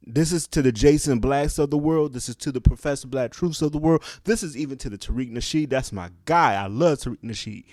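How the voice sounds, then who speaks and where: A young man speaks in a middle-pitched voice, preaching his opinions to the camera with rising fervor and rhetorical questions. The sound is close and dry with no room echo. His delivery has the cadence of a street-corner sermon. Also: a little mellow. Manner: passionate, preachy, keeps asking "guess what?". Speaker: commentary vlogger.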